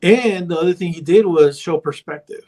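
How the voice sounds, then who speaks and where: Brief: male therapist guest, slightly high voice, loose chatty storyteller, fillers everywhere. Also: moderate pace, a little mellow. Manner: rambling storyteller, heavy on filler phrases. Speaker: therapist and parent coach. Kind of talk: casual podcast conversation.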